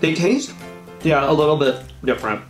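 A woman's voice: deep voice, lively intonation, normal speed. A woman hosting a casual taste-test video, upbeat and laughing often between bites. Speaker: host. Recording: echoey room with faint music.

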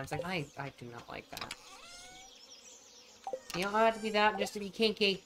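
A woman streaming a farming game and chatting casually, playful and quick to swear, often talking to the game's characters. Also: medium pitch, expressive, background noise. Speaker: vtuber streamer. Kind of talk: casual chat while playing a farming game.

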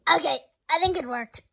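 A woman's voice: high voice, vocal fry, a bit bright, exaggerated voice, low-quality recording. A woman voicing a playful cat monster toy in a homemade toy movie, chatting and wondering aloud as it tests its powers.

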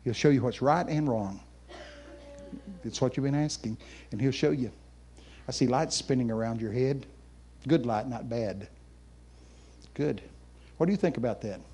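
An older man, preaching in a folksy way and telling stories, then speaking quietly and personally to people. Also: medium pitch, normal speed, long pauses, husky. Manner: folksy, animated storyteller who then talks softly and personally to listeners. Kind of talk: folksy sermon storytelling.

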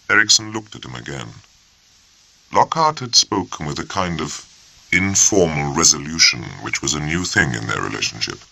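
Deep gravelly guy reading an audiobook, husky and expressive. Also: poor audio. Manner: measured, expressive storytelling. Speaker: audiobook narrator. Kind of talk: scripted narration.

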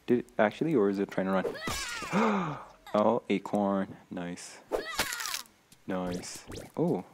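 A man's voice: fairly low pitch, a little mellow, slight background noise. A young man commentating his own gameplay, nervous and jumpy, talking to himself with frequent gasps and laughs. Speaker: gamer streamer. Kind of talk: let's play commentary.

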